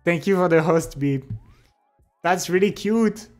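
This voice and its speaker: A young man with a French accent chats slowly and unhurriedly with his stream audience, his voice sitting a little high. He teases and laughs a lot, stopping and restarting as he hunts for English words, while soft music plays faintly underneath. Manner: laughs often, playful and teasing, speaks English with pauses and restarts. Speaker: live streamer. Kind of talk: casual chat, reading out viewer comments. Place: home streaming setup.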